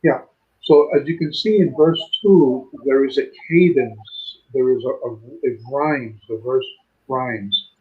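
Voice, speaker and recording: A man teaching a Bible study, explaining grammar methodically and slowing down to sound out words. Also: medium pitch. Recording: tinny phone-line sound.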